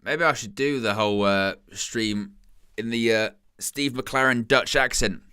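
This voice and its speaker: Joking football watchalong host. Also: male voice, medium pitch, a little slow, pushed and bright, smooth. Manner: jokey, laughs often, reads out chat. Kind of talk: live match watchalong commentary.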